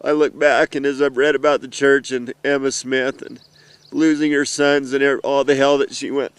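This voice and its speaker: Man, middle-aged, heartfelt message to his kids, emotional, halting, smooth voice, flat delivery, outdoors in the mountains. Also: mid-range voice, no echo. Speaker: father addressing his children. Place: outdoors in the mountains, seated in an off-road vehicle.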